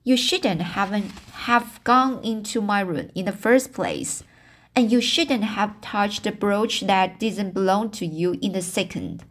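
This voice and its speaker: A woman's voice: medium pitch, a little slow, lightly acted. A woman reading the part of a strict, stern older woman guardian in an audiobook, speaking sharply.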